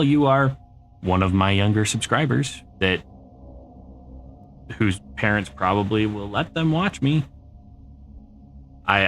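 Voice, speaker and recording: A man's voice: sits low, fairly bright tone. A middle-aged man streaming a game, chatting casually and answering viewer comments as he plays. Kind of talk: casual gameplay chat.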